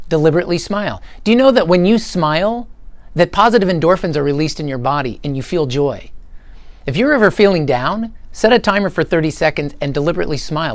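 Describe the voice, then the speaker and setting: A man's voice: on the high side, no echo. A middle-aged man giving an earnest motivational talk to a live audience, acting out little quotes as he goes. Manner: animated and earnest, acts out quotes. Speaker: motivational speaker.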